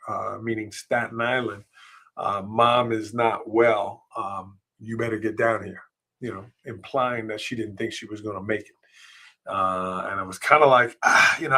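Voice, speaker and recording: Emotional halting man telling a story. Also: mid-range voice, creaky, pushed and bright. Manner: emotional, halting, many fillers and restarts. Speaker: podcast host. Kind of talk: live podcast storytelling.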